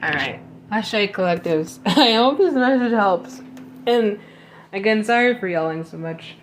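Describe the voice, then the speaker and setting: A woman's voice: medium pitch, animated, a little slow, echoey room, slight background noise. A woman giving an intuitive reading to her viewers in a blunt, heated lecture full of swearing. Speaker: spiritual reader.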